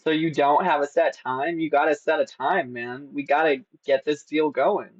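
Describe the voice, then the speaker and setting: A man's voice: a little high, steady tone, moderate pace, no room sound. A man streaming casually and teasing a chatbot, playful and giggly. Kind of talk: casual live-stream chat. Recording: slightly dull lo-fi sound.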